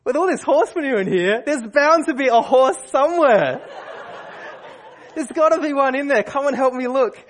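A man's voice: extremely high pitch, normal speed, a little hiss or hum, pitched above the performer's own voice. A man doing an eager, gleeful little boy. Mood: thrilled. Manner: excited, eager. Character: gleeful, relentlessly optimistic young boy.

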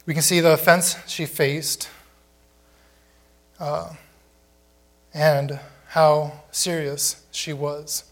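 A man's voice: fairly high pitch, level tone, extremely slow, pauses often. A man preaching a sermon to a congregation in a plain conversational way, often asking rhetorical questions. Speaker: pastor.

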